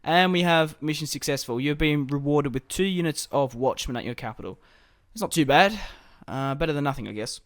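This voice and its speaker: A man's voice: on the high side, a little fast, few pauses, no echo, studio quality. A man casually commenting on his strategy game as he plays, thinking aloud about his moves. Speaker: gaming YouTuber.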